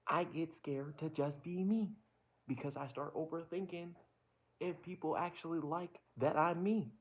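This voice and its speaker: A male vlogger delivers a casual, reflective monologue, rambling candidly and with profanity as he works through his own thoughts. His voice is on the high side, steady in tone and measured in pace. The recording has a dull, lo-fi quality.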